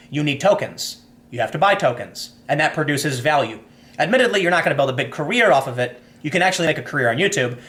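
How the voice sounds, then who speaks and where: Young male livestream host, slightly higher voice, casual and rambling, works through ideas with hypotheticals. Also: a bit bright. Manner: thinking aloud, frequent restarts, explains with hypotheticals. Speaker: livestream host reading viewer chat.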